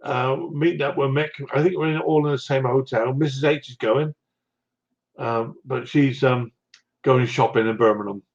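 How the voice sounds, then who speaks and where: A man with a West Country English accent talking on a live stream at a middling pitch. He rambles in a chatty way and chuckles as he answers viewers. The stream audio sounds dull and lo-fi. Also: steady tone, normal speed. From South West England. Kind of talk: casual live-stream chat.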